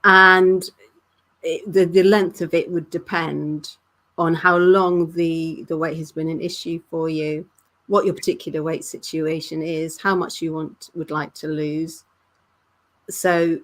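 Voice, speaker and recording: A woman, a weight-loss coach calmly explaining her methods as a guest. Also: deep voice, measured pace. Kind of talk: interview answers.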